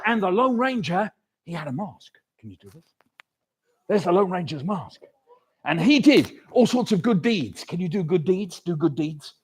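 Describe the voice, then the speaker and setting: Older storyteller, high and animated, playing to a crowd of children. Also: male voice, normal speed, breathy edge. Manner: animated, leads audience call-and-response. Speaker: children's author performing. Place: hall at live awards event.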